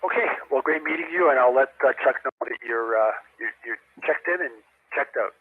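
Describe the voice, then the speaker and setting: An older man with a husky voice chats on an amateur radio net. He is friendly and talkative and stumbles over fillers. His voice comes through a dry, tinny radio line. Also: medium pitch, expressive, a little fast, no echo. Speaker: radio operator checking in.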